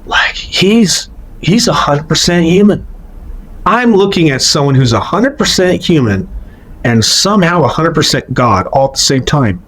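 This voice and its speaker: Slow reverent man. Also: a little high, big pitch swings, a bit bright, breathy edge. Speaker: near-death experience witness. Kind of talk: earnest testimony.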